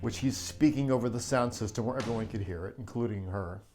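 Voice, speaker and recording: A man's voice: medium pitch, fast talker, dark tone, faint music behind. A middle-aged man who works as a live sound crew chief, telling a backstage story in a chatty, laughing way. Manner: chatty, laughing, acts out quotes. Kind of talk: storytelling anecdote.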